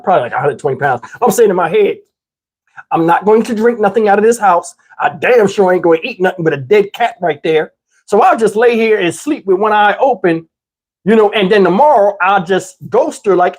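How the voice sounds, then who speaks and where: A man telling a comedic story, jumping up high in pitch whenever he quotes himself. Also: breathy edge. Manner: animated, jumps up high for quoted lines.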